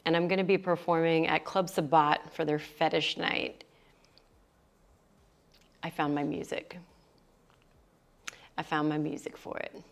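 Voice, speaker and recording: A young woman hosting a yoga livestream and chatting with viewers, bubbly and excitable, dropping to quiet asides. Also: low-pitched, unhurried, gravelly, long pauses. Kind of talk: casual chat greeting viewers. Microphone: livestream mic.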